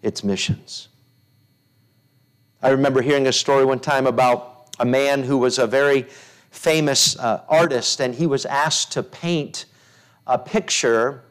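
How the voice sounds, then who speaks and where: A man's voice: medium pitch, measured pace. Man preaching a sermon. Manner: preaching with rising repeated phrases and soft storytelling drops. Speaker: pastor.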